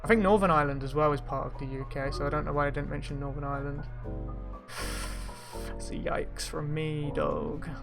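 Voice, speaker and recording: A man from England, hosting a casual reaction video and quick to stop and question what he hears. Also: on the high side, gravelly, over music. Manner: animated, quick to interrupt and question.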